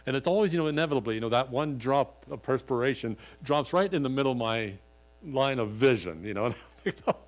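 An older male pastor delivering a sermon through a homespun anecdote. He rambles and circles back, filling gaps with "you know," and perks up when he acts out a conversation. His voice sits at an ordinary middle pitch. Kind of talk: sermon with folksy personal story.

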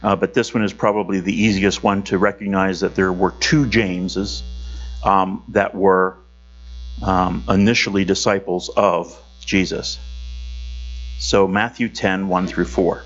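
Lower-voiced guy teaching bible study, chatty, lots of ums, muffled lo-fi recording with a hum. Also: steady tone, unhurried. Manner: conversational, with frequent fillers and self-corrections.

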